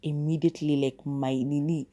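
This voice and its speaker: A woman's voice: low voice, level tone, normal speed, dark tone. A Kenyan woman hosting a podcast, telling a personal story in a chatty, casual way, switching between English and Swahili. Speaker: podcast host.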